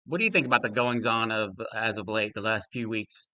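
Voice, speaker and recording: A man's voice: fairly low pitch, fairly quick, bright, forceful tone, dry recording. An older man hosting a casual live-stream talk show, easygoing and chuckling, loose with fillers. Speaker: podcast host taking callers.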